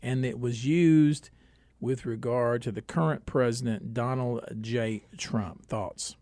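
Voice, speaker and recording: A man hosting a comedic radio talk show, boisterous and jumping between loud bursts and low asides. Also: slow, no room sound. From Northeast Texas.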